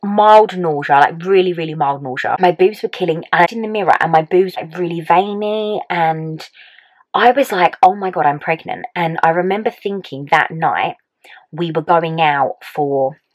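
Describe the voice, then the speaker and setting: A young woman telling a personal story to camera in a chatty, animated way, full of "like" and acted-out reactions. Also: on the low side, moderate pace, no echo, dull audio. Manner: chatty, animated, lots of "like", acts out her own reactions. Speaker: vlogger.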